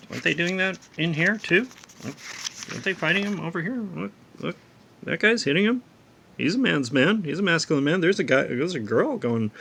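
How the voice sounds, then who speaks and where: A man's voice: mid-range voice, a bit bright. A man giving a casual spoken review of a comic book, exasperated and ranting, with wry laughs and frequent restarts.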